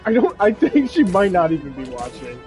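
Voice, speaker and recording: Lively, excitable young gamer man. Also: sits high, brisk, music in the background, rough recording. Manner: excitable, swears casually. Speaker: gamer playing on stream. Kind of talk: casual gaming chat.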